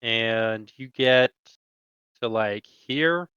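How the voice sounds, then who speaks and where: A man narrating a tabletop game as game master, slow and halting with many fillers. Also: mid-range voice, pushed and bright, clean tone, dry recording, lo-fi sound.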